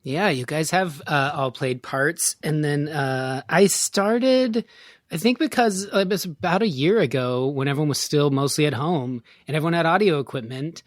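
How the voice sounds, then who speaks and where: A man as a podcast guest, telling a story in a relaxed, casual way. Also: on the high side, moderate pace, no room sound, studio quality. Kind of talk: casual chat.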